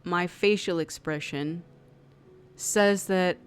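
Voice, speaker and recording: Speaking slowly in a smooth, lowish voice, this woman does an intuitive tarot reading as if chatting with a friend. Her talk is full of "like" fillers, and she voices quoted people with lively impressions.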